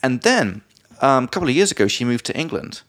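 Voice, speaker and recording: A man co-hosting a casual podcast, at an ordinary pitch for a man. He rambles through anecdotes full of fillers and restarts. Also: big pitch swings, fast, a bit bright. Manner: chatty storyteller, many fillers, acts out quoted lines. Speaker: podcast co-host. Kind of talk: casual chat.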